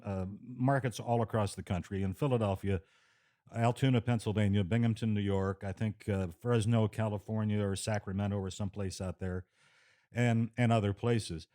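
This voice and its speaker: A man hosting an interview about radio, asking questions in a halting way with stammered restarts. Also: on the low side, a little mellow. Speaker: interview host. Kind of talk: casual interview talk.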